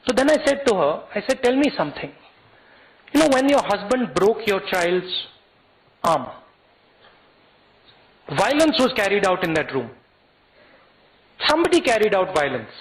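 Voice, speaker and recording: A man with an Indian English accent addresses a hall of students. His voice sits high for a man. He tells a story earnestly, often restarting phrases and acting out the people in it. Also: sing-song. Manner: earnest, halting delivery with restarts and quoted dialogue. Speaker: guest speaker addressing college students. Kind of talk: public speech, personal storytelling.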